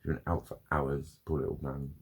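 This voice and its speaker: A man's voice: rumbling low, flat delivery, moderate pace, slightly rough. A man venting in a rambling, sweary, self-critical vlog. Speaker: vlogger. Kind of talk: casual confessional vlog.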